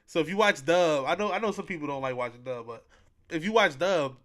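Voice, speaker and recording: A man with a slightly higher-than-usual voice hosts a podcast on his own. He chats casually and rambles, repeating himself and leaning on slang and fillers. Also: fairly quick, fairly bright tone. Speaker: podcast host. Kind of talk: casual solo podcast chat.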